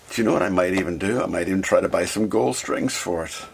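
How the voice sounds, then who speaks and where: A man with a very low voice talks casually as he works on a guitar, thinking out loud and chatting to the viewer. Faint noise and small clicks sit behind him. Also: fast, vocal fry, few pauses. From Scotland. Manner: chatty, talks to himself while working, sing-song bursts. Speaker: hobby guitar builder. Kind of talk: casual workshop vlog talk.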